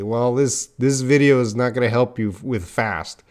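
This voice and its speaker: A man's voice: medium pitch, normal speed, hardly any pauses, darkish tone, clean tone. A man teaching English in a live online lesson, casual and self-deprecating, reacting to viewers by name as he tries tongue twisters.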